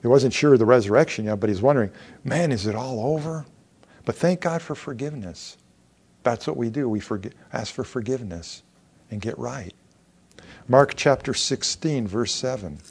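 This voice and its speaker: A man's voice: medium pitch, lively intonation, normal speed, vocal fry, a little mellow, slightly rough. A man preaching a sermon in a mid-range voice. He reads scripture aloud, acts out the voices of the figures and keeps asking his listeners questions. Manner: asks the congregation questions. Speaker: pastor.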